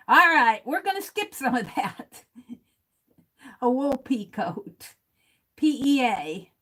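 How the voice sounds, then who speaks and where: A woman hosting a casual livestream, reading viewer comments aloud, chuckling often and thinking out loud. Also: mid-range voice, rough recording. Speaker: livestream host.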